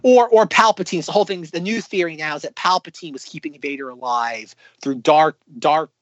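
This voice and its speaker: A man co-hosting a casual podcast, talking in long excited run-on predictions with many restarts. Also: fairly high pitch, fairly quick, dry recording, highs cut off. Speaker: podcast co-host.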